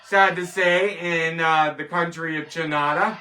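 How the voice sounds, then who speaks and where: A man's voice: fairly high pitch, steady tone, a little slow, pushed and bright, faint music behind. A man hosting a casual rant show, rambling and emphatic, scoffing at each verdict. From Canada. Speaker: show host. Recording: voice distant from the mic.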